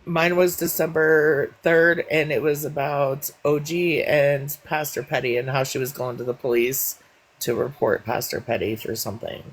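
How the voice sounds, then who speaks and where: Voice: mid-range voice, fairly even intonation, normal speed, low-quality recording. A livestream caller in casual chat, giving dates in a matter-of-fact way. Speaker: live stream participant.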